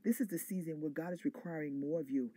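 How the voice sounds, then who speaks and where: A woman's voice: low-pitched, quick pace, mellow, breathy edge, no room sound. A woman preacher delivering a sermon with fervent, repetitive call-and-response phrasing.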